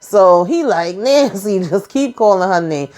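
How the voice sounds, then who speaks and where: A woman's voice: lowish voice, lively intonation, a little slow, darkish tone. A woman host casually recapping a TV episode, acting out each character's lines in a blunt, profane way.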